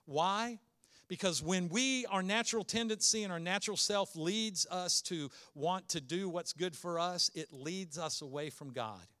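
A pastor delivering a sermon in a fairly high voice. His tone is bright and forceful. He speaks earnestly and with emphasis, putting question after question to his listeners and drawing out key words. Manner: earnest, emphatic preaching with many rhetorical questions; slows down to stress key words.

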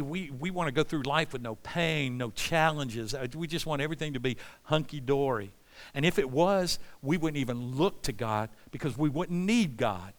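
Preacher in a reverberant hall. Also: male voice, fairly high pitch. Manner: impassioned preaching, swings from loud to hushed. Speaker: pastor. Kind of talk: sermon.

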